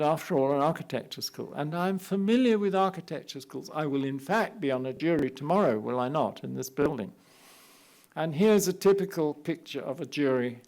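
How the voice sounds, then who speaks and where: An older man with a British accent talks his audience through slides in a public lecture. His voice sits slightly high for a man, and he keeps slipping in wry, self-mocking asides between his points. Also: darkish tone. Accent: British English. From England. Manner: wry, anecdotal, self-deprecating humor. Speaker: architect giving a lecture. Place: lecture hall at an art academy.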